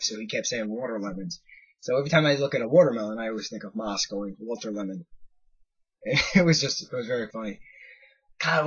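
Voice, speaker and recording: A young American man in his twenties tells a loose, wandering anecdote in a slightly husky voice. He keeps interrupting himself, working things out aloud and jumping into quoted voices. The recording is dull and lo-fi. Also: mid-range voice. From United States. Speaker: vlogger. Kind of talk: casual storytelling.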